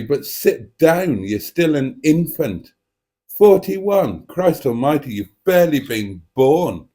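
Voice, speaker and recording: A man's voice: medium pitch, dark tone. A man hosting a live stream, chatting casually and reading out viewer comments in a playful, cheeky, theatrical way.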